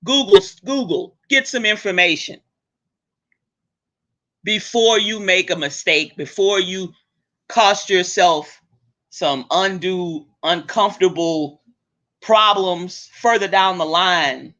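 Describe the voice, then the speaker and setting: A woman delivers a profane, blunt monologue as the host of her own show. Her voice is forceful and bright, with sudden leaps in pitch. The recording sounds dull and lo-fi. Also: slow pace. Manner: blunt, swearing freely, animated swings in pitch.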